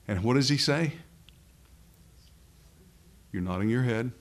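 A man's voice: medium pitch, animated, slow, pauses often. A man preaching a sermon to a live congregation, earnest and emphatic, drawing out key words for stress.

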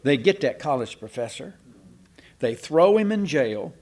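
A man's voice: medium pitch, very animated, unhurried, a little mellow. An older man preaching a sermon, telling church history as stories with asides and restarts.

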